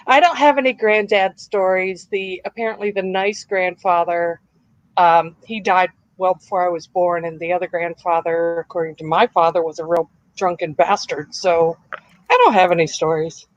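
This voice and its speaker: A woman's voice: lowish voice, fairly even intonation, measured pace, no echo, dull audio. A woman from Philadelphia chatting casually with dry, wry humor. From Philadelphia, USA. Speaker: podcast co-host. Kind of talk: casual chat.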